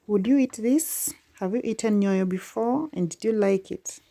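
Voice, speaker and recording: A woman's voice: mid-range voice, normal speed, dark tone. A woman vlogging from village life, talking casually and straight to her viewers. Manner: chatty, speaks straight to viewers.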